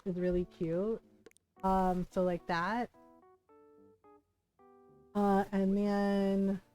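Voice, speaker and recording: A woman's voice: medium pitch, dark tone. A woman streamer chatting casually and rambling through stories while playing. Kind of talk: casual gameplay chat.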